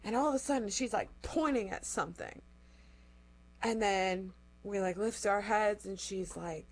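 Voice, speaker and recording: A woman's voice: medium pitch, measured pace. Chatty young woman telling a story. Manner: animated, acts out quotes, says "like" often. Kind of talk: casual storytelling chat.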